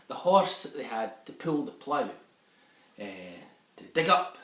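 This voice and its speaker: A man's voice: on the high side, a bit bright. Scottish man telling a children's story. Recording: echoey room, a bit far from the mic.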